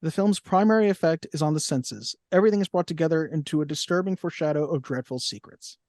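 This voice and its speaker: A man's voice: fairly high pitch, fast, a little mellow, dry recording, clean studio sound. A young man co-hosting a movie podcast in casual chat, reading cast lists and review quotes aloud. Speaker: podcast co-host.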